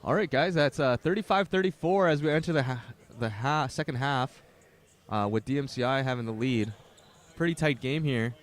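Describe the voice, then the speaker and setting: Calling a livestreamed basketball game from a tournament gym, a young Canadian man keeps things casual, tossing chatty jokes to viewers between plays. He speaks at normal speed in a medium-pitched voice.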